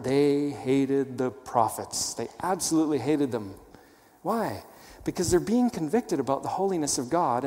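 A man's voice: fairly high pitch, darkish tone. Emphatic preacher man, long hall echo. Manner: emphatic, teaching with rhetorical questions. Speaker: pastor. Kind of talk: sermon.

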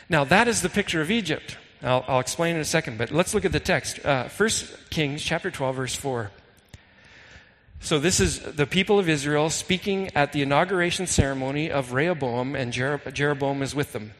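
Male pastor with a fairly high voice, earnest sermon delivery, long hall echo. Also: a bit bright. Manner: earnest, reads scripture slowly and dramatically.

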